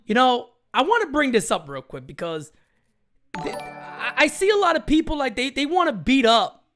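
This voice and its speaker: A man's voice: extremely high pitch, sing-song, normal speed, a bit bright, soft background music. A man hosting a casual sports live chat, talking in a blunt, rambling way and reading out viewer comments. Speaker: live-stream sports show host.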